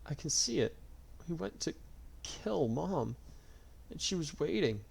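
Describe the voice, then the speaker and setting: Tearful young girl warrior, soft, raised, breaking voice, man doing her. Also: on the low side, expressive, normal speed, creaky.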